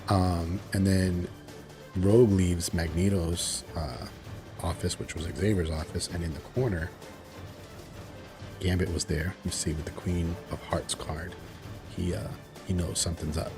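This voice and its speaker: A man casually recapping a cartoon episode, rambling with lots of fillers and excited exclamations. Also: sits low, unhurried, music in the background. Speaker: show reviewer.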